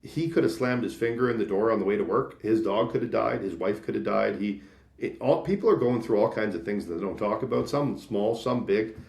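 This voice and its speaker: A man in his thirties from Canada, a sales leader telling stories in a casual interview, animated and acting out quoted voices. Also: lowish voice, a little fast, creaky, echoey room. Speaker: podcast guest, sales leader.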